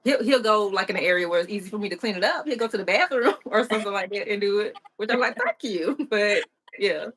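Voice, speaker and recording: A woman's voice: mid-range voice, fast talker, fairly bright tone, slight background noise. A woman hosting a live-stream who asks questions in a chatty, informal way and giggles and teases herself often. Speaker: livestream host. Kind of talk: casual live-stream interview.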